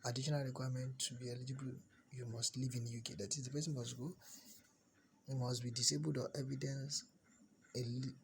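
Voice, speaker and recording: A man's voice: mid-range voice, flat delivery, brisk, creaky, slight background noise. A man from Nigeria, walking viewers through a university application on screen. He repeats key words for emphasis and often restarts his phrases. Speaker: scholarship application guide. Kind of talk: screen-share walkthrough.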